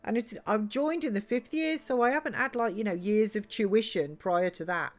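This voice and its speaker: A woman's voice: mid-range voice, normal speed, soft background music. A woman chatting and giggling while livestreaming a video game. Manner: chatty, giggly, reads chat aloud. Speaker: game streamer. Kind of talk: live let's-play chat.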